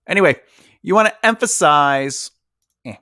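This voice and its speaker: Hosting a casual writing class, this New York man from Long Island and Brooklyn rambles conversationally with lots of fillers and a strong New York accent. His voice is a little high and bright, forceful, with lively intonation at a normal speed. The recording is dry, with clean studio sound.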